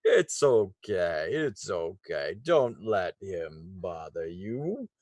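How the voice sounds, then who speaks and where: A man voicing a gentle, jolly old man with a sleigh, who laughs loudly and then speaks slowly and soothingly. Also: deep voice, very animated, no room sound, exaggerated voice.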